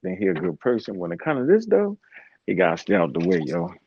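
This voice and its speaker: A man's voice: mid-range voice, huge pitch swings, quick pace, vocal fry, slightly rough, highs cut off. A man co-hosting a casual talk, bantering in slang and laughing often. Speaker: co-host.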